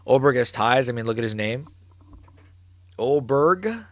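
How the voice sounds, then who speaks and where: A man putting on the voice of a patient father calmly lecturing his son. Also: mid-range voice, measured pace, no echo.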